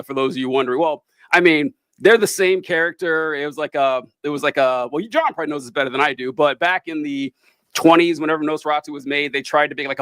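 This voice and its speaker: High-voiced man, dry close sound. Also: a bit bright, clear, resonant tone, dry recording. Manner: rambling, self-interrupting, wry. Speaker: podcast co-host. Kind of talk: casual movie review chat.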